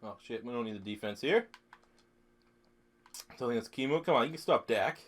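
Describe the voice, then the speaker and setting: A young Canadian man who is sick, streaming a football video game live, clearing his throat, swearing and rambling through chat questions. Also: medium pitch, lively intonation, brisk. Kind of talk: live-stream gaming commentary.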